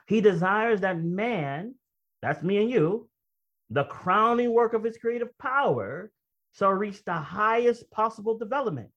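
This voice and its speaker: Preacher with a slightly high voice, lo-fi recording. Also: male voice, expressive. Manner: reads quoted text slowly, then comments conversationally and emphatically, often laughing. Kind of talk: sermon with read-aloud quotations and personal stories. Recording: dull lo-fi recording.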